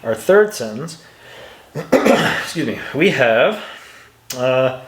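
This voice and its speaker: A man's voice: mid-range voice, very animated, extremely slow, pauses often, reverberant. A man teaching English punctuation, walking through example sentences patiently and reading them aloud with exaggerated intonation. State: dry throat, clears it now and then. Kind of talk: instructional walkthrough.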